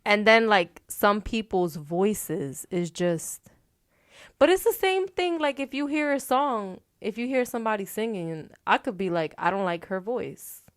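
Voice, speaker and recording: A woman's voice: medium pitch, animated, no room sound, clean studio sound. A woman co-hosting a casual podcast chat, talking frankly and at length. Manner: frank, talkative, fast trailing asides. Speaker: podcast co-host.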